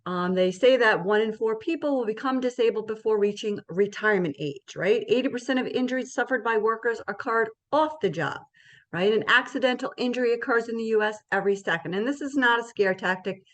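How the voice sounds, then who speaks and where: A woman's voice: fairly high pitch, a little fast. Woman walking people through insurance, chatty, keeps asking "right?". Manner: conversational, checks in often with "right?". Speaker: insurance presenter. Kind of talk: educational presentation.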